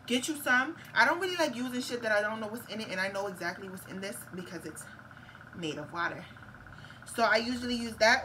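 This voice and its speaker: A young woman talks her way through a makeup routine in a loose, candid vlog style. Her voice is bright and forward, and she swears freely. A faint background hum sits under the recording. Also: medium pitch, poor audio. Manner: chatty, candid, swears and laughs often. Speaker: beauty vlogger. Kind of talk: casual makeup tutorial chat. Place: room at home with a fan on.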